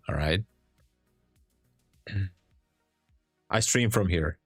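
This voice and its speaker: A man from Hungary with a Hungarian accent, chatting with viewers and calmly explaining charts as a day trading streamer. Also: sits low, measured pace, no room sound, clean studio sound, faint music behind. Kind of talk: live-stream chat and trade commentary.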